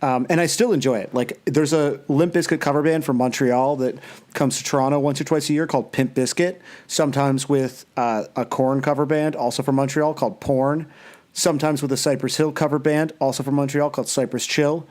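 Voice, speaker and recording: A man co-hosting a casual podcast chat, easygoing and quick to laugh, telling chatty stories. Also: medium pitch, steady tone, a little mellow. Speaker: podcast co-host.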